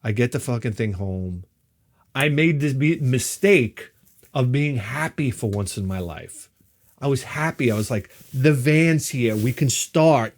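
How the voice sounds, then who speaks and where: A man's voice: mid-range voice, expressive, measured pace. A middle-aged man, telling a story in a wry, exasperated and profane way. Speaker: vlogger.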